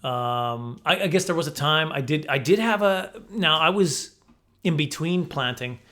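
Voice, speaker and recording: A man's voice: fairly high pitch, animated, a little slow, sharp tone. Chatty man telling a story. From Canada. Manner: rambling, self-correcting, laughs often, acts out voices. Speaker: comedian vlogger. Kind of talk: storytelling to camera.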